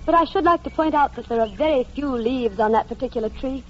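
An actress voices a sharp-witted young gentlewoman in a radio drama, high-voiced and poised. She keeps a cool, pointed politeness in every line. The sound is dull and lo-fi, with a faint hiss under it. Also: quick pace, lightly acted. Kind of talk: radio play acting.

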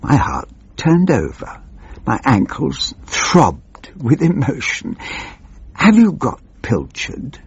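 A man playing a doddering, pompous old politician who rambles and loses his thread, in a gravelly, husky voice. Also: mid-range voice, wildly swooping pitch, takes it slowly, dull audio, exaggerated voice. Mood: rambling. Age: older. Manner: meandering, wandering off and losing his thread. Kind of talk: comic character monologue.

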